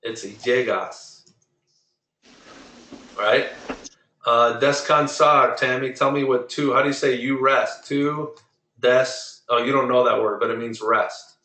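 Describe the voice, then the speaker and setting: A man's voice: medium pitch, fairly even intonation, slow, long pauses, bright, forceful tone, roomy sound, slight background noise, poor audio. A man teaching a Spanish class online, drilling verb forms and correcting pronunciation patiently. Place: online video meeting.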